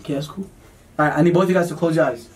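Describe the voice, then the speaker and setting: A man's voice: on the high side, rapid-fire, noisy background. Playful young man, teasing, mic a bit distant. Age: 20s. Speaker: vlogger pranking children. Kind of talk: casual prank vlog. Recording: distant mic with faint music.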